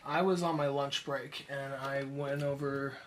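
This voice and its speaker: A man's voice: mid-range voice, fairly even intonation, measured pace, a little hiss or hum. A man co-hosting a casual comedy podcast, telling a story in a rambling way, swearing and acting out the voices of the people in it. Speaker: podcast co-host.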